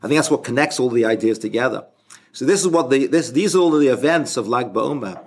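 A man giving an informal spoken religious lesson as a rabbi, halting and often restarting his sentences. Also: mid-range voice, expressive. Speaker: rabbi teaching a class.

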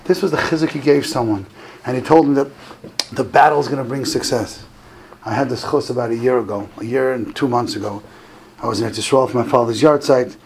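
Gravelly man telling a Torah talk. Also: fairly quick, a little hiss or hum, rough recording. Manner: animated storytelling, climbs high and loud for quoted lines. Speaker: rabbi giving a talk. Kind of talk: Hanukkah talk with stories.

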